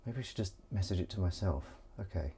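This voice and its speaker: A man's voice: deep voice, lively intonation, fast talker, dark tone, slight background noise. Rambling, playful man streaming. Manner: rambling, playful, self-mocking. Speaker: live streamer. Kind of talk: casual live-stream chat.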